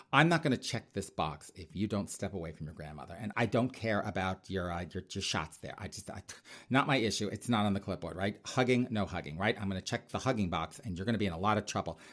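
A man's voice: low-pitched, expressive, quick pace, fairly bright tone, pitched below the performer's own voice. A man voicing a fussy, catty male government official with a clipboard, who mutters whispered asides.

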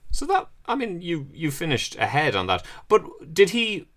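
Male podcast co-host, bright edge, dry asker of questions. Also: a little high, huge pitch swings, moderate pace. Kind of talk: casual podcast chat.

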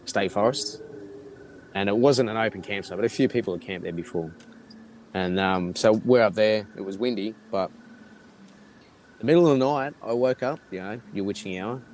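An Australian man telling a rambling, animated campfire-style story, swearing freely and laughing between lines. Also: fairly low pitch, slight background noise. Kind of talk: casual storytelling.

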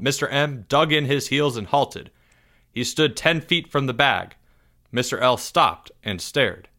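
A man narrates a children's story aloud with expressive delivery. He lowers his voice for suspense. His tone is bright and forward. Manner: expressive, drops softer for suspense.

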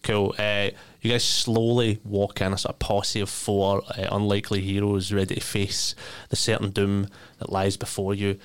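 Low-voiced man running a tabletop game. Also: normal speed, few pauses, smooth. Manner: relaxed, hesitant with many fillers. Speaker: game master.

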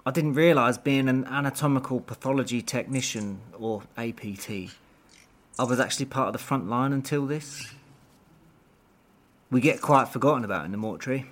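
Male mortuary technician, earnest and reflective, plain mid-pitched voice, documentary testimony. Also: normal speed, fairly bright tone. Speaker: anatomical pathology technician.

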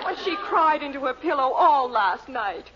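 Melodramatic wife, 1940s radio comedy, drawn-out, dull sound. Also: female voice, sits high, expressive, very noisy. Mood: gushing. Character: melodramatic, gushing devoted wife.

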